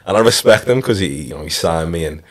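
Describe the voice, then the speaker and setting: A man's voice: low voice, fast talker, a loud crowd. A man in his thirties with a Liverpool accent, a former footballer telling stories in a casual podcast interview. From Liverpool, England. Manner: relaxed storytelling, frequent "like" and "you know".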